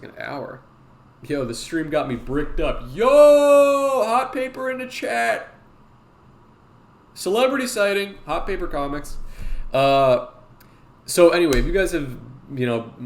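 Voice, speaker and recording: A man's voice: mid-range voice, vocal fry, slight background noise. A man hosting a live drawing class on his stream, rambling, swearing casually and encouraging his viewers.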